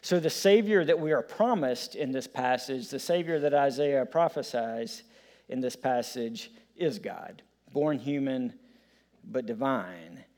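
A man's voice: mid-range voice, lively intonation, measured pace, darkish tone. A man preaching a sermon in a conversational way, with frequent fillers and restarts. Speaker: pastor.

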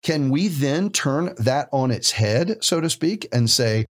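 A man's voice: medium pitch, lively intonation, slow. A man co-hosting a podcast, teaching from scripture in an emphatic, conversational way and asking rhetorical questions. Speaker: podcast co-host and preacher.

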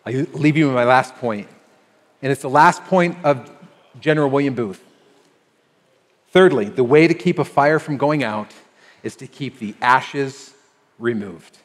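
A man preaching a sermon as pastor, animated and acting out little scenes for the congregation. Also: medium pitch, unhurried, long pauses. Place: church sanctuary. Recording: long hall reverb with faint music.

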